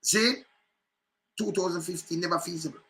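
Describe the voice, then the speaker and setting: Animated high-pitched Jamaican man. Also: moderate pace. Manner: animated patois commentary, repeats phrases. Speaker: political commentator. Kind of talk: casual commentary on news clips.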